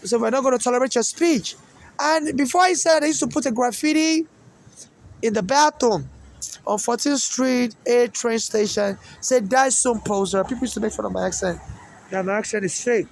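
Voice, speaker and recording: Rambling through a personal monologue, a Nigerian man loops back to the same points over and over, his accent a mix of Nigerian and American English. His extremely high voice is gravelly and moderately paced, and the recording is rough.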